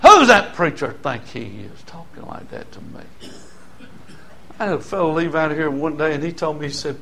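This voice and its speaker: An older man, a pastor preaching a sermon in a folksy way, with loud shouted passages and quiet asides. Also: fairly high pitch, sing-song, moderate pace, gravelly, a little hiss or hum.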